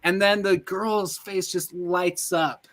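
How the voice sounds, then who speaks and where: A man's voice: sits high, fairly even intonation, slow, fairly bright tone, a little hiss or hum. A man co-hosting a podcast, eagerly and loosely retelling scenes from a film in casual chat. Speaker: podcast co-host.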